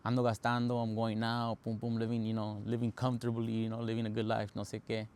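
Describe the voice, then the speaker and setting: A man's voice: on the low side, monotone, quick pace, a little mellow. Laid-back young man telling a story. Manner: laid-back, lots of fillers, mixes in Spanish slang. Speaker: podcast host. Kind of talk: casual storytelling.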